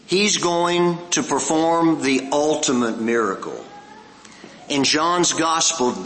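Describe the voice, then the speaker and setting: A male preacher delivers a sermon in a bright, forceful voice that rings with the long reverb of a large hall. He speaks earnestly, asks his listeners questions and repeats key lines for weight. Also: medium pitch, slight background noise.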